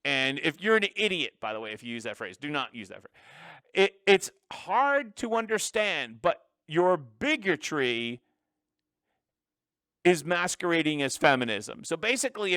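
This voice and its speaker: A man's voice: on the high side, bright, forceful tone, no echo, studio quality. A man hosting a solo political commentary show, talking in an emphatic, opinionated way. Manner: emphatic, opinionated, with frequent restarts.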